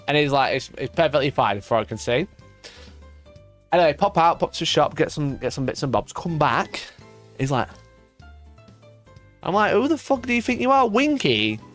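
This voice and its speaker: Male streamer, mid-pitched, loose sweary storytelling, light music underneath. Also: a bit bright. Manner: chatty, swears freely, rambling storytelling. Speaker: streamer host. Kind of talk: casual livestream chat.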